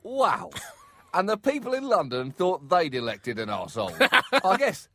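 A man's voice: sits high, huge pitch swings, measured pace, fairly bright tone. A man co-hosting a comedy podcast, trading wry, dry jokes in casual banter. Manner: wry, dry, chuckling asides.

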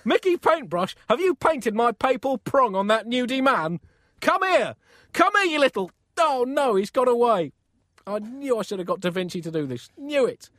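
A man voicing a blustering, short-tempered old pope in a comic story, shouting and exasperated. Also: sits high, sing-song, fast talker, hardly any pauses, no echo, clean studio sound, voice pushed up. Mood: furious.

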